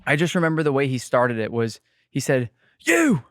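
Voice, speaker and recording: Brief: fast, smooth-voiced guest in his twenties, chatty storyteller. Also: medium pitch, no room sound, studio quality. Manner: rambling, animated storytelling. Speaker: guest chef. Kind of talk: casual podcast interview.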